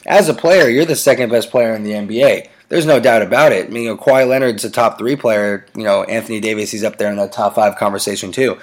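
A man's voice: fairly low pitch, fast, few pauses. A man hosting a casual sports podcast, ranting with strong opinions. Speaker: podcast host.

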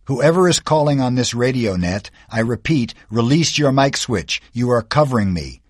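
A man voicing a calm male radio operator with clipped, procedural speech in an audiobook. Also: medium pitch, normal speed, no echo, clean studio sound, natural voice. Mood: businesslike. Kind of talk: audiobook character voice.

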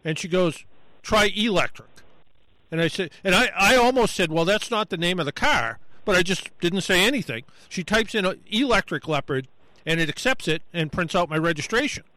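A man's voice: high-pitched, animated, brisk, bright, forceful tone, no echo, rough recording. A man telling a long casual story on a talk show, rambling and acting out what people said to him. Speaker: guest storyteller.

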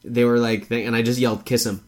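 A man's voice: medium pitch, fast. A young man, co-hosting a podcast, telling stories animatedly and laughing often. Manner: animated storytelling, laughs often, swears casually. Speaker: podcast co-host. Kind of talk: casual chat.

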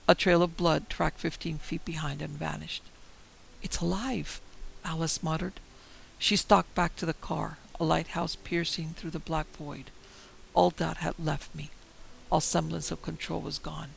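A man's voice: fairly high pitch, creaky, slight background noise, poor audio. A man telling a first-person horror story in a dramatic, tense manner. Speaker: narrator.

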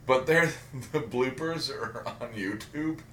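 A man's voice: medium pitch, slow pace, crowd noise. A man co-hosting a casual pop-culture chat, rambling and swearing and poking fun at himself. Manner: rambling, profane, self-mocking. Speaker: podcast co-host. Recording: roomy echo with faint background hiss.

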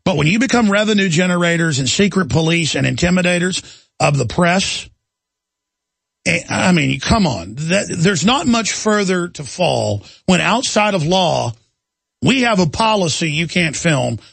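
Male talk radio host, somewhat high, gravelly voice, ranting and indignant. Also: animated, a little slow, a bit bright, no room sound.

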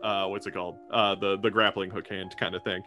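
A man narrating a tabletop role-playing session as game master. He talks in a relaxed, loose way, full of fillers and asides, with faint music underneath. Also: low voice, a little fast.

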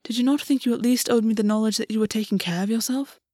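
A woman's voice: on the high side, steady tone, quick pace, warm tone, no echo, studio quality, lightly acted. A woman reading a stern, commanding fae lord. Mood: stern insistent. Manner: stern, insistent. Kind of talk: audiobook reading.

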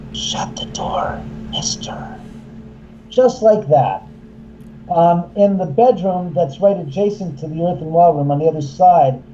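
A man, a haunted house owner and filmmaker, telling an animated story and acting out the voices of the people in it. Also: on the high side, dull audio, a little hiss or hum. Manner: acts out quoted voices, excitable.

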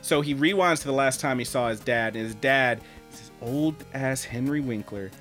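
A man co-hosting a podcast, telling a story in casual chat, animated and swearing freely. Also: mid-range voice, moderate pace, faint music behind. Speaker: podcast co-host.

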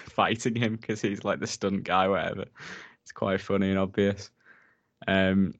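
A man with a lowish voice recaps a film in a loose, giggly way and swears freely. The recording is dull and lo-fi, with a dry, close sound. He talks casually, as if chatting with a friend. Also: a bit bright, dry recording.

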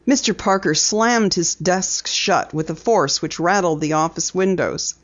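A woman's voice: on the low side, unhurried, few pauses. Woman narrating a story, slightly dull audio. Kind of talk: scripted narration.

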